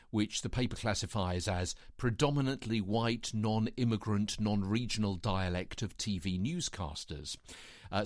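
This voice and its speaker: A man's voice: lowish voice, no room sound, studio quality. A man hosting a daily podcast, talking casually and reading out quotes, with plenty of fillers between them. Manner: reads out quotes with lively asides and fillers. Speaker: podcast host. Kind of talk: casual solo podcast commentary.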